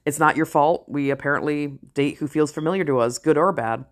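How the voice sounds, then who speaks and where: A middle-aged woman talking straight to camera in a casual vlog, blunt and candid, swearing freely and slowing down to stress key phrases. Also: sits low. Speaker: vlogger, parent and ER worker. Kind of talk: casual talking-head commentary.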